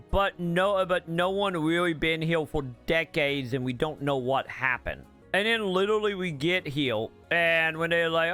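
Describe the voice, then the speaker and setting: A man's voice: on the high side, fairly bright tone. Male gaming vlogger, casual rambling rant, blunt, faint music underneath. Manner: rambling, full of filler words and restarts; blunt, swears when exasperated. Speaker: gaming channel host. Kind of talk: casual rant about a game's story.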